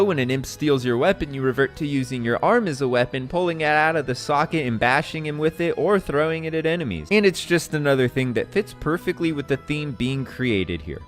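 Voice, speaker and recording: A young man narrating a video game retrospective in an enthusiastic, conversational way. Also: on the high side. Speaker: game reviewer.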